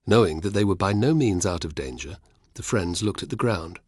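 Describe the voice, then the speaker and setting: A man narrating an audiobook in a steady storytelling manner. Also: deep voice, normal speed, breathy edge, no room sound, studio quality.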